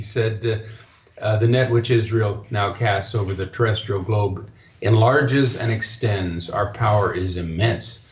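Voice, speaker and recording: A man's voice: lowish voice, slow. A man speaking as a guest in a casual interview, hesitant, with many fillers and restarts. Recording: echoey dull lo-fi line.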